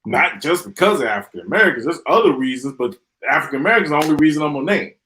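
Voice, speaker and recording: A man's voice: a little high, animated, very fast, sharp tone, low-quality recording. A man hosting a live stream, ranting in an exasperated, sarcastic way and often repeating himself. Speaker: podcast host.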